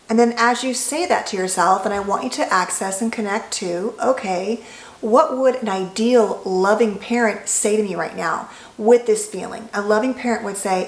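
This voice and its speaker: A woman psychologist giving an educational talk to camera, calm and gently reassuring. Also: medium pitch, normal speed, echoey room, low-quality recording. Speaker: licensed psychologist.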